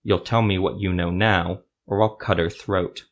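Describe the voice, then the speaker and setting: A hard, desperate witcher mercenary growls out his threats in a low, grim voice, as a man puts him on. He speaks tersely in a storybook reading, with no warmth to spare. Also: steady tone, moderate pace, highs cut off. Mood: growling threat.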